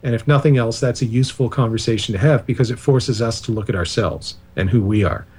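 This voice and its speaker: A man's voice: mid-range voice, fast, a little mellow, breathy edge. A man speaking as the guest author on a radio interview, explaining ideas at length with digressions and self-deprecating asides.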